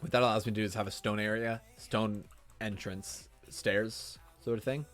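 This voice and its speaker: A young man with a lowish voice talks through his building plans as he plays, rambling and self-mocking in a loose stream-commentary way. Soft background music runs faintly behind him. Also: steady tone, moderate pace. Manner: chatty, thinking aloud, self-mocking. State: hiccups. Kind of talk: casual gameplay commentary.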